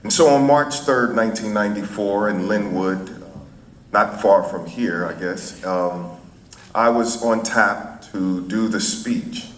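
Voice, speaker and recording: A man's voice: lowish voice, takes it slowly, a bit bright, slight background noise. A middle-aged man from St. Louis, a chaplain, telling a folksy story to an audience. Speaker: chaplain and speaker. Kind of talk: storytelling before a speech. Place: event hall. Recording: echoey hall, faint ambience.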